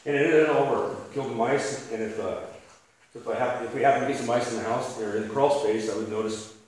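A man's voice: medium pitch, fast, darkish tone. A man in his thirties preaching to an audience in a conversational storytelling way, chuckling and restarting his sentences. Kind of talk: storytelling sermon. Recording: echoey room, distant mic, faint hiss.

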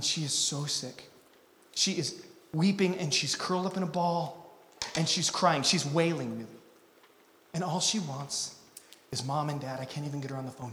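High-voiced preacher in an echoey hall. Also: male voice, slight background noise. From Utah. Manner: dynamic, swings from hushed to loud. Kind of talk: sermon.

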